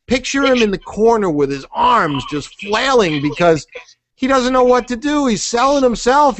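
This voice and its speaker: A middle-aged man leads a sales training role-play with an animated, questioning manner. His pitch sits a bit high and swings widely as he acts out answers. He talks like a coach drilling a trainee. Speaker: business trainer.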